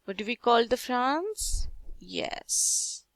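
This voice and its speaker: A woman's voice: a little high, expressive, extremely slow, a bit bright, no room sound. A woman with an Indian accent, teaching a French lesson patiently in English, asking viewers questions and reading French terms aloud. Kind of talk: slow step-by-step lesson.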